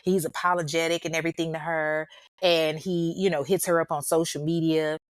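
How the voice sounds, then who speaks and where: A woman's voice: low voice, level tone, brisk, dry recording, studio quality. A woman hosting a true-crime show, telling the story in casual commentary with blunt, profane asides.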